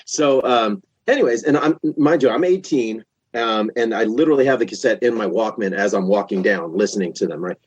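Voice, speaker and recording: A man in his fifties, a podcast guest, telling a long story in a casual, animated way with lots of restarts. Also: on the low side, brisk, breathy edge, no echo, muffled recording. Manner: animated, chatty, many restarts.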